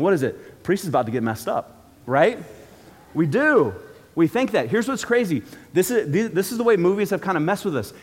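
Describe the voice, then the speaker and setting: A man's voice: high-pitched, big pitch swings, moderate pace, a bit bright. A man preaching a sermon in a church auditorium, in a casual, joking, conversational way. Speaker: pastor. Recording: long reverb from a large hall.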